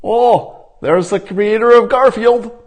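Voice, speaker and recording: A man's voice: sits high, voice pushed up. A man doing a sneering sarcastic troll voice. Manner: mocking, drawn-out sarcastic sing-song.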